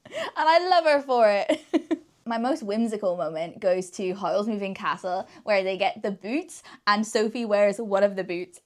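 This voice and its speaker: A young woman chatting casually about books she loved, enthusiastic and giggling often between sentences. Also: medium pitch. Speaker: book reviewer. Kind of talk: casual chat.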